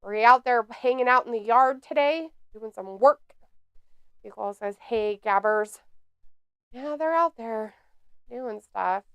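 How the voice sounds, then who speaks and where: A woman's voice: fairly high pitch, measured pace, smooth, dry recording. A woman hosting a live watch-along stream, reading chat aloud in a snarky, sarcastic way.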